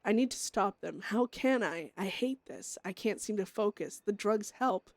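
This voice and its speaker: A woman voicing a troubled outlaw woman who hears voices and craves drugs, speaking her thoughts in a quiet, halting inner monologue. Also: medium pitch, animated, no room sound, close to an everyday voice. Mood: tormented.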